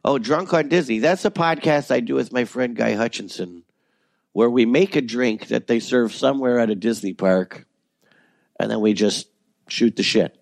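With a creaky, medium-pitched voice at a moderate pace, a man who works as a voice actor rambles through a casual interview chat. He jokes around and frequently starts his sentences over, and the recording has no echo.

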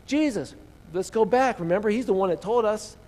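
A man's voice: high voice, fast, a little mellow. A male pastor preaching a sermon, reading scripture aloud and asking his congregation questions.

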